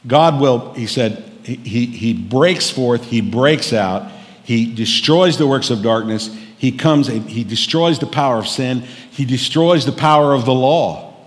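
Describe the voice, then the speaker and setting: The long reverb of a church hall surrounds a middle-aged pastor delivering a humorous sermon in the sanctuary. Unhurried and medium-pitched, he tells folksy stories peppered with jokes.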